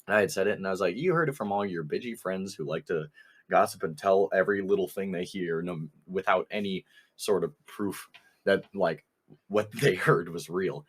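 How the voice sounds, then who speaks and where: A man's voice: deep voice, moderate pace, breathy edge. A young man co-hosting a podcast, rambling through an anecdote in casual chat and laughing often. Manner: rambling anecdote, quoting others with "I was like", frequent laughs. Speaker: podcast co-host.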